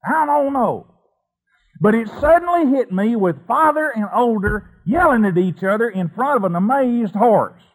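Folksy male preacher telling a Bible tale, animated, with a fairly high voice. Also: moderate pace, poor audio. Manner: folksy, animated, with colloquial asides. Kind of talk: folksy sermon storytelling.

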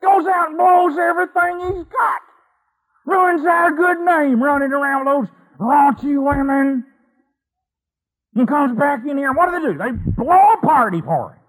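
A man's voice: very high-pitched, unhurried, a bit bright, long reverb tail, voice pushed up, full character voice, rough recording. A man voicing a resentful older brother in a spoken Bible retelling, griping indignantly. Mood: bitter.

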